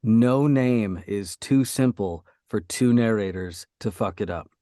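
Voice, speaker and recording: A man's voice: lowish voice, unhurried, mellow, no echo, clean studio sound. A man, an audiobook narrator, chatting casually as a podcast guest, swearing freely and sliding between regional accents. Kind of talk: casual chat, showing off accents.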